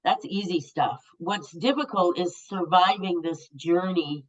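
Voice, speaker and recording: A woman's voice: fairly low pitch, unhurried. A woman in her fifties, a guest telling candid stories in a blunt way and swearing freely. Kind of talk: candid storytelling. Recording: muffled lo-fi audio.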